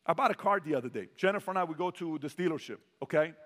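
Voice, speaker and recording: Racing along in a fairly high, fairly bright voice with lively intonation, a sales trainer addresses a sales crowd from the stage. The hall echoes as he animatedly tells motivational stories, playing each character himself.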